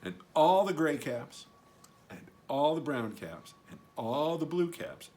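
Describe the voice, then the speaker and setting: A man reading a picture book aloud in an expressive storytelling voice. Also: fairly high pitch, slow pace, slight background noise.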